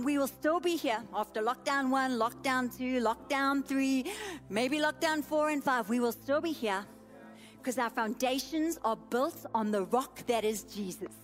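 Woman, thirties, pastor, high-pitched, emphatic preaching, faint music behind. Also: unhurried. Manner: emphatic, repetitive preaching cadence. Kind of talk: sermon.

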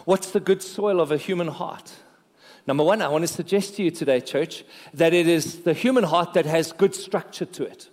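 A male pastor preaching a sermon in a lively, joking way, talking straight to his congregation. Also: on the high side, moderate pace. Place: church. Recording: long reverb of a church hall.

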